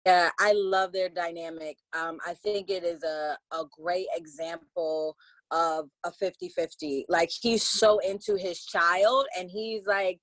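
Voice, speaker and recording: A young woman co-hosting a podcast in casual chat, animated and slangy, often acting out quotes. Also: on the low side, measured pace, no echo, rough recording. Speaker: podcast co-host.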